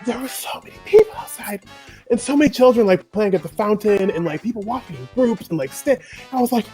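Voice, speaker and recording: Lively chatty host on a video call. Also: fairly quick, soft background music. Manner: lively and chatty, laughs into high exclaimed quotes. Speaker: podcast host. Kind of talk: casual video-call interview chat.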